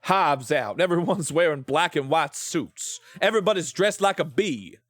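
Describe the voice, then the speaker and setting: A man's voice: fairly high pitch, moderate pace, no echo. Chatty, swearing male streamer, dry sound. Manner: chatty, rambling, playful, swears freely. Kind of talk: casual live-stream chat while gaming.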